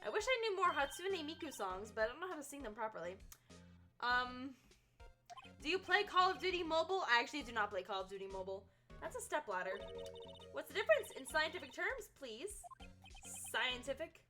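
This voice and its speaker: A woman streaming a video game and chatting casually with her viewers, giggly and animated. Her voice is high and very lively, jumping all over, with soft music playing faintly behind. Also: brisk. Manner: animated and giggly, reads chat aloud. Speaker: gaming streamer. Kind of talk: casual live-stream gaming chat.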